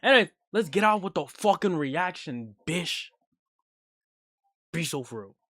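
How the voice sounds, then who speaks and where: Male streamer, a bit high-pitched, sleepless, profane, jumps between hype and mumbles; dry booth sound. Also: animated, a little slow, no echo. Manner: swings from loud hype to low mumbling asides. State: sleep-deprived. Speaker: streamer reacting to videos. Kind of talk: casual, profane livestream chat.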